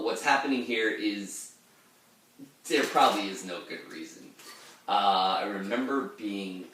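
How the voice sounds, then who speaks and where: A man in a fairly low voice talks through a poem casually, wandering into asides and filling gaps with "uh". He sounds distant from the mic, in a very echoey room. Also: fairly bright tone. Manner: chatty and digressive, many "uh" fillers. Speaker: poetry teacher. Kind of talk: casual literary explanation.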